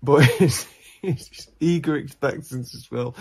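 A man co-hosting a comedy podcast, telling stories in an animated, incredulous way. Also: medium pitch, unhurried, gravelly, slight background noise. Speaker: podcast co-host. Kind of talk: casual comedic chat.

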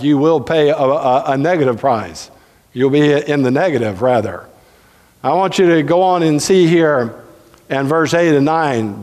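Pastor, male, high voice, preaching with leaps and stretched words, reverberant church hall. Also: darkish tone. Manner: preaches with sudden pitch jumps, drawn-out emphasis. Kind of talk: sermon. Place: church sanctuary.

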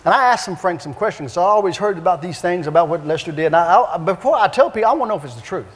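Male evangelist, high voice, animated storytelling sermon, long hall reverb. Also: racing. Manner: animated, repetitive, emphatic. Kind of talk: preaching with storytelling. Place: church sanctuary.

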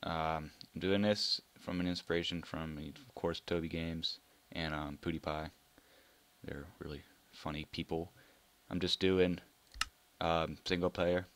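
A young man giving casual gameplay commentary, excitable, swearing now and then and muttering asides under his breath. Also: deep voice, a little slow, a little hiss or hum. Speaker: let's play gamer.

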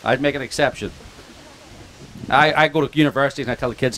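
A man's voice: medium pitch, fast, pauses often, heavy background noise. Man, Irish accent, filmmaker giving an informal speech, rambling, joking, many restarts. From Ireland. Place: outdoor picnic gathering.

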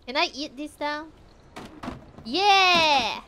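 A woman live-streaming a game, talking to the cat on screen and squealing and shouting when things go wrong. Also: high voice, expressive, extremely slow, a little hiss or hum. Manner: talks to the cat character, meowing.

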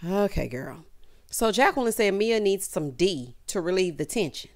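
A woman giving a casual, sassy recap of a reality show, with animated asides to the viewer. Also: mid-range voice, normal speed.

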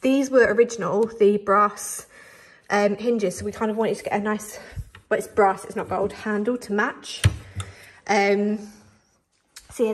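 Chatty, slightly breathless woman. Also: mid-range voice. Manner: chatty, lots of fillers. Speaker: vlogger. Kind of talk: casual house tour. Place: house, indoors.

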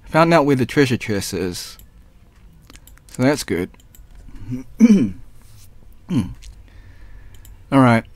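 A man with a hoarse, raspy voice from the flu, rambling casually and clearing his throat while talking over his gameplay. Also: mid-range voice, sing-song, drawn-out words, long pauses, a little mellow, no echo. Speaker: gaming vlogger.

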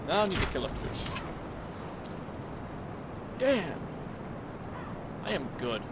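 A man's voice: a little high, big pitch swings, slow pace, heavy background noise. A man giving goofy, mock-dramatic commentary while playing a video game and teasing the characters he meets. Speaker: gameplay commentator. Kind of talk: joking gameplay commentary. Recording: voice over loud game sounds.

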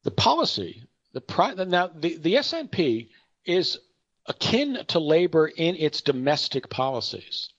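A man's voice: on the high side, very animated, unhurried, no room sound, highs cut off. A middle-aged man giving an unscripted market commentary, rambling and correcting himself with chatty asides and anecdotes.

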